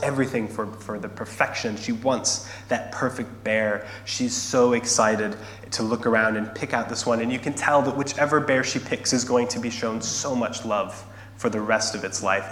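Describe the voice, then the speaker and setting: A man preaching a sermon, telling a story earnestly and slowing down and going softer to drive his points home. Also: mid-range voice. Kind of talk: sermon with scripture reading and storytelling. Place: large echoing church hall. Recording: echoey hall, faint hum.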